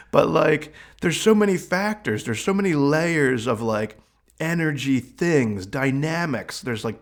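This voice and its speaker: A man, a psychic medium, telling stories in casual chat and acting out his own quoted exchanges. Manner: animated, acts out quoted exchanges in a higher voice. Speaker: psychic medium, podcast host. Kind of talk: casual storytelling monologue.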